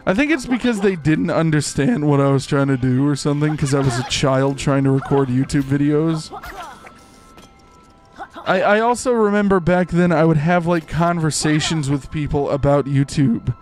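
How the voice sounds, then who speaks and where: A young man giving goofy, excitable live commentary while playing a game, rambling with many fillers. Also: a little high, moderate pace. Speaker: streamer. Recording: faint game music behind.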